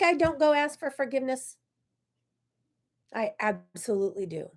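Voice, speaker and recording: A woman hosting a faith talk show, preaching to camera in a fiery, candid way that swings between loud outbursts and hushed asides. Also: high-pitched, lively intonation, normal speed. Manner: candid and self-deprecating.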